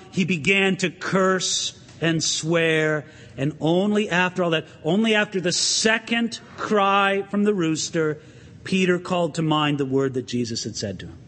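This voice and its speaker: A pastor preaching an animated sermon in a church, asking the congregation questions and swinging his emphasis up and down. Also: high voice, measured pace, in a large hall.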